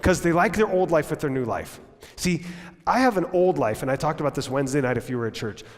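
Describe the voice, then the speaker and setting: Animated pastor preaching in a reverberant church. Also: male voice, quick pace. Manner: animated, acts out dialogue in raised voices; drops to low, quiet tones for emphasis. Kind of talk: sermon. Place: church sanctuary.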